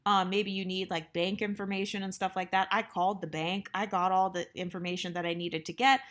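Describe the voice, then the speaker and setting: A young adult woman talks through a workplace story in a loose, candid storytime style. Her mid-pitched voice rambles with frequent fillers and blunt asides. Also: level tone, fairly quick, fairly bright tone. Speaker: storytime vlogger. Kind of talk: casual storytime monologue.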